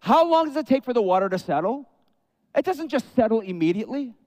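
Male pastor, high voice, expressive sermon delivery with acted-out quotes. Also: a little fast, no echo. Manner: expressive preaching, acts out quoted prayers.

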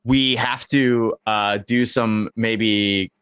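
A man in casual chat, pitching comedy scenarios and acting out bits of dialogue. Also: steady tone, extremely slow, fairly bright tone, clear, resonant tone, no echo, clean studio sound.

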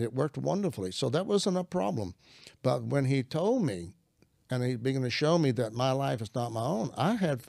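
A man's voice: medium pitch, creaky, darkish tone, no echo, clean studio sound. An older man, a minister, telling a personal faith story in conversation, earnest and acting out his own prayers. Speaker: guest minister.

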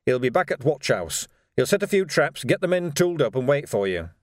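A man's voice: medium pitch, sing-song, fairly quick, dry recording, studio quality, lightly acted. A man voicing a wary male watchman explaining things plainly. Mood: matter-of-fact.

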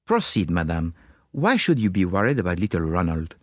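A man's voice: deep voice, huge pitch swings, fairly quick, no room sound, clean studio sound, pitched below the performer's own voice, exaggerated voice. A man voicing a fussy, precise Belgian detective, courtly and mildly amused, in an audiobook.

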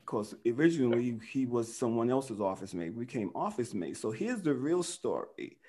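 A man's voice: medium pitch, lively intonation, normal speed, mellow, a little hiss or hum. A man co-hosting a casual podcast chat, telling stories animatedly and peppering his speech with "man". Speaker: co-host.

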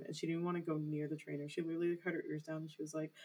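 A woman's voice: sits low, level tone, rapid-fire, few pauses, mellow, husky. A young woman co-hosting a casual podcast, rambling with lots of "like" fillers. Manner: rambling, heavy use of "like" fillers. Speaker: podcast co-host. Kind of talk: casual chat.

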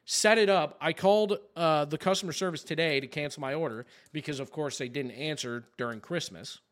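A man's voice: fairly high pitch, a little fast, fairly bright tone. A man, a podcast co-host telling a story in casual chat, with a profane, exasperated delivery.

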